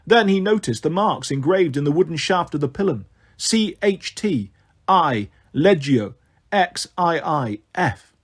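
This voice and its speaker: A man narrating an adventure novel in a measured, expressive reading voice. His voice sits a little high for a man. He paces the action steadily. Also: slightly rough. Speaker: audiobook narrator. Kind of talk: storytelling narration.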